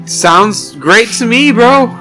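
A man's voice: very high voice, expressive, takes it slowly, over music. A young man co-hosting a podcast, reacting to a story with short joking interjections. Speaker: podcast co-host. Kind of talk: casual chat.

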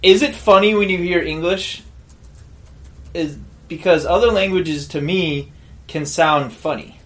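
Slow, giggly male podcast co-host. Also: on the high side. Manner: giggly, drawn-out musing. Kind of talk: casual chat.

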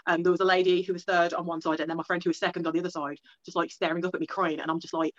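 A young woman from England telling a long personal story as an interview guest, rambling quickly with lots of "like" and acted-out self-talk. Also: fairly low pitch, flat delivery, no echo, highs cut off.

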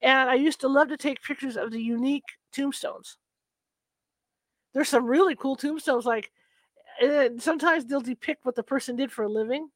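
Speaking at a normal speed in a high voice, a middle-aged Sacramento woman swaps stories in a relaxed conversation, laughing here and there. She's a talkative conversation partner from California, and the recording has no room sound.

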